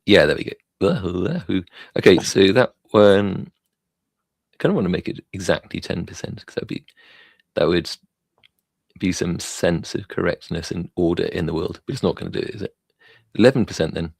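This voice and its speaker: A man giving casual, rambling commentary on crypto charts, halting with many fillers as he thinks aloud while clicking around. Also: low voice, very animated, vocal fry, no room sound.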